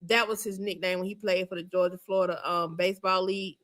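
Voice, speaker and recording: A woman's voice: lowish voice, fairly even intonation, quick pace, a bit bright. A woman hosting a casual reaction show, chatty and emphatic, repeating her points. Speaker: show host.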